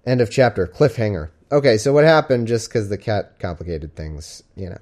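Mellow-voiced man rambling on a livestream. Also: on the low side, big pitch swings, moderate pace, few pauses. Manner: rambling, joking, with many fillers. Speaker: podcast host. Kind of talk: casual livestream chat. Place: at home with his cat.

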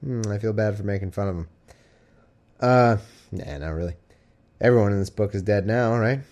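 The recording is lo-fi, and the man's voice sits on the low side with a darkish tone at normal speed. Hosting a comedy podcast, he reads archaic Bible passages and then riffs on them with sarcastic, irreverent asides.

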